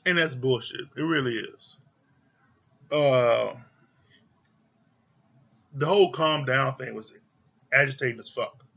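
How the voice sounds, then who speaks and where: A man's voice: medium pitch, slow, vocal fry, long pauses, sharp tone, muffled recording. A man giving a casual, blunt TV review rant, swearing freely and sounding exasperated. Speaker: reality TV reviewer.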